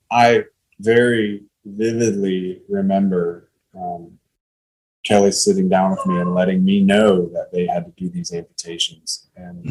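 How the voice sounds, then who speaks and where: Thirties guy, husky low voice, earnest plain talk as a podcast guest. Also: darkish tone, rough recording. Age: 30s. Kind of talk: testimony in casual conversation.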